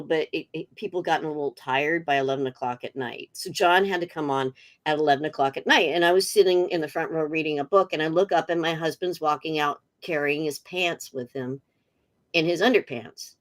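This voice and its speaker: A middle-aged woman, a guest on a casual interview over a video call, telling funny anecdotes with lots of energy and laughter. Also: low voice. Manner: animated storyteller, laughing often.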